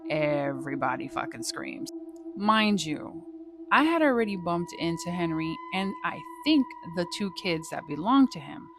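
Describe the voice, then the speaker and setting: Woman, lower voice, casual ghost-story vlog, swears a lot, dramatic, noisy background. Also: unhurried. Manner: swears freely, lively, dramatic. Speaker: vlogger telling a ghost story.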